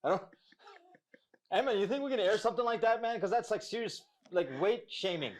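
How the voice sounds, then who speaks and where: A man's voice: sits high, expressive, a little fast. A man co-hosting a comedy chat show, bantering with mock exasperation in Hindi and English. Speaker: co-host.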